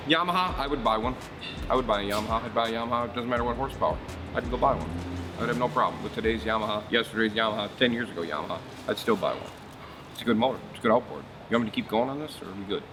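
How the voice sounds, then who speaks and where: A man hosting a marine service shop show, talking casually and bluntly about outboard motors, rambling through stories and swearing freely. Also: fairly low pitch.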